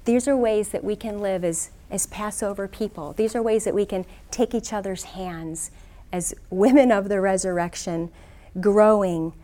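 A woman's voice: medium pitch, moderate pace, mellow. Earnest woman preaching to a church. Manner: earnest, personal storytelling with repeated restarts. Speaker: women's ministry speaker and missionary. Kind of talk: sermon.

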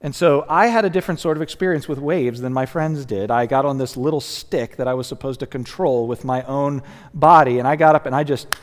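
A man preaching a sermon as a pastor, earnest and conversational, often restarting and dropping to a hush. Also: medium pitch, fairly quick. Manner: earnest, conversational, with many restarts and sudden soft drops. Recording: long hall reverb.

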